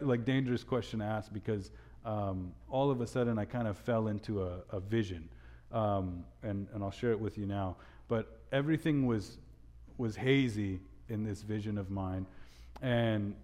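A young man giving a sermon with a personal story, telling it in an animated way with many restarts. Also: lowish voice. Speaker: speaker at a church gathering.

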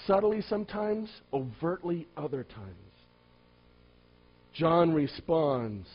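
A man preaching a sermon, firing rhetorical questions at the congregation and swinging between loud emphatic lines and quiet low asides. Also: expressive, slow pace, slightly rough. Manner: asks the listeners many rhetorical questions. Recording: dull lo-fi recording.

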